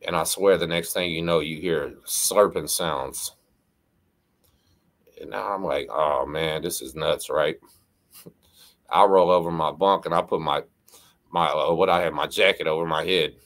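Middle-aged man, deep low voice, casual storyteller who keeps tossing "right?" to the listener. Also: fairly even intonation, measured pace, long pauses, a bit bright. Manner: conversational, frequent "right?" and "you know what I mean" asides. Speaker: host.

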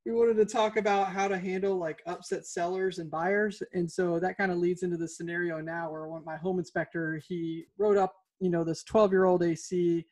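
A man's voice: high voice, fairly even intonation, normal speed, hardly any pauses, darkish tone. A man hosting a podcast, telling stories in a rambling, casual way. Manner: rambling, filler-heavy storytelling. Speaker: podcast host, inspection company owner. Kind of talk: casual storytelling chat.

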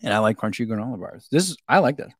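Chatty man with a lively voice. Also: on the low side, fast, husky, no echo, studio quality. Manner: chatty, giggly, talks while chewing. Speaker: vlogger reviewing a snack. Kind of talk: casual unboxing chat.

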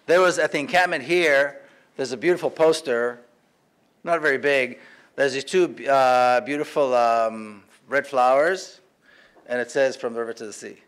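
A man's voice: medium pitch, normal speed, fairly bright tone. A man giving an impassioned public speech in a large lecture hall, emphatic and repeating phrases for force. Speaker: activist speaker.

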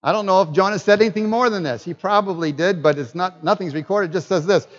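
A man's voice: sits high, fast. A man preaching a sermon as a guest pastor. He jokes and puts questions to his listeners. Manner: animated, joking preacher who asks the audience questions. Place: church hall. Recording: dull lo-fi with long hall reverb.

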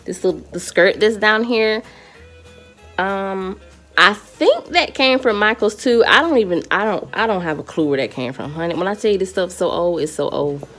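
A woman's voice: mid-range voice, normal speed, a bit bright, soft background music. Chatty woman giving a home tour. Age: late 20s. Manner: chatty, playful, addresses viewers as y'all and baby. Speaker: vlogger. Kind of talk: casual home-tour vlog. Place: her living room at home. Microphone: handheld camera with ring light, moving around.

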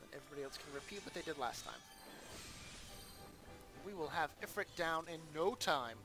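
A man's voice: on the high side, expressive, normal speed, music in the background. A man hosting a let's play, giving casual gameplay commentary and thinking aloud with chatty asides.

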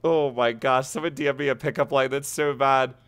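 A man live-streaming in casual chat, excitable and laughing often as he coaches a friend, cursing freely. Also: medium pitch, fairly quick, clean tone.

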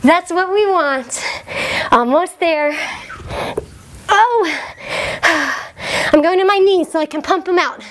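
A woman's voice: very high voice, measured pace, pauses often. A woman fitness instructor coaching a workout while doing it herself, out of breath and encouraging, with short cues and puffs of breath between exercises.

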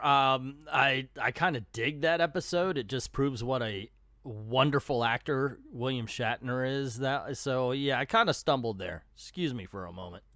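A man's voice: on the high side, a bit bright, clean tone, no echo, clean studio sound. An older man casually reviewing a comic book, chatty and offhand, reading out bits of dialogue.

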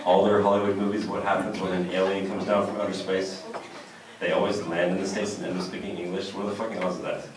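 A middle-aged man from Canada doing a crude, animated stand-up comedy set. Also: low-pitched. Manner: brash, crude, animated, pauses for laughs. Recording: echoey club, distant mic, loud crowd noise. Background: audience laughter.

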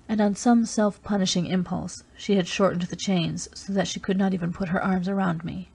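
A woman reading an audiobook, narrating a first-person story in a steady, even way. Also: lowish voice, creaky, breathy edge. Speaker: audiobook reader.

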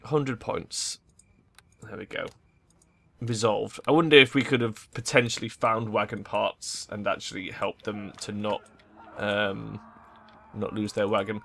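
Sarcastic gamer. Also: male voice, on the low side, steady tone, a little slow, gravelly, fairly bright tone. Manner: sarcastic, mischievous, swears freely. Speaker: gamer playing through an RPG. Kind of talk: gaming commentary.

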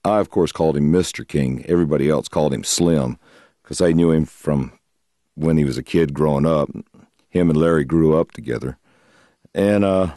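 A middle-aged man, a blues guitarist, telling a story in an interview, animated, laughing and acting out other people's voices. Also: rumbling low, moderate pace, pauses often, no echo, studio quality.

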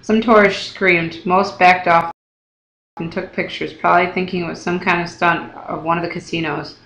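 An audiobook reader narrates a novel in the first person, telling the story in a steady, even way. The voice rings with a roomy echo, as if read in an open room. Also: mid-range voice, normal speed, vocal fry, a little hiss or hum.

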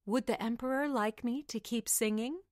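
A woman voicing a small, gentle nightingale who speaks softly and graciously. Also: medium pitch, normal speed, dry recording, clean studio sound, lightly acted. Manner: soft, gracious, modest.

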